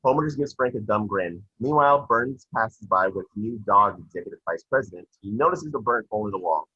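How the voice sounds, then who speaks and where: A man reading stage directions in a plain, brisk way. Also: lowish voice, lively intonation, sharp tone, slightly rough, muffled recording. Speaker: scene description reader.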